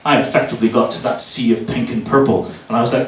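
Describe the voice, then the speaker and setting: A man's voice: medium pitch, quick pace. A Northern Irish man in his thirties performing a stand-up comedy set, swearing and telling stories with energy. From Northern Ireland. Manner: swearing, animated storytelling. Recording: echoey room, mic at a distance.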